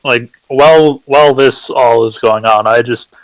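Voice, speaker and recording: A man's voice: mid-range voice, unhurried, no echo, low-quality recording. Hesitant man playing a tabletop game. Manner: stumbling, hesitant. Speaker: player. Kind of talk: casual tabletop role-play.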